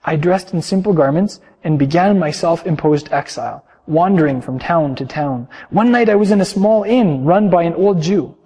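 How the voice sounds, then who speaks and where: Husky, dark-voiced man preaching. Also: a little high, big-room sound. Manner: measured, soft-spoken, trailing off quietly. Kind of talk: sermon storytelling.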